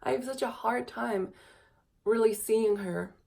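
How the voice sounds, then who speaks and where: A tired young woman in her twenties rambles wistfully in a confessional vlog recorded on a camera mic, sometimes cooing in a high baby voice. Her voice is mellow and creaky, and she speaks a little slowly.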